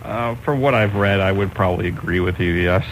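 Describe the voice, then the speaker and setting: A man's voice: deep voice, fairly quick, background noise. A man as a radio co-host, laid-back and wry in casual banter. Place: radio studio.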